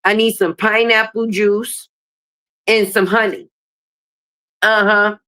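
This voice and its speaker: A woman's voice: mid-range voice, little pitch movement, takes it slowly, pushed and bright. A woman hosting a casual livestream while sick and sniffly, chatting straight to her viewers and swearing freely. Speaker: livestream host.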